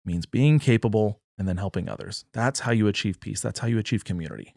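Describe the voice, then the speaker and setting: A man's voice: fairly low pitch, quick pace, vocal fry, darkish tone, no room sound, clean studio sound. A man talking earnestly in a political discussion and acting out the quoted dialogue. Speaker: podcast guest, party chair.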